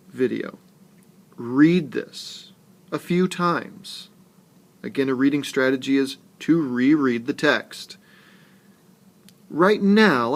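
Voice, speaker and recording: Male teacher, slow and patient delivery, mid pitch, screencast lesson. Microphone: tablet screencast mic.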